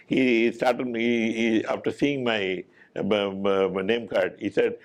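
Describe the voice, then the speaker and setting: A middle-aged man, a doctor telling an anecdote in an animated way, with frequent stumbles and restarts. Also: mid-range voice, moderate pace. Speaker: doctor giving a talk. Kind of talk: anecdotal storytelling talk.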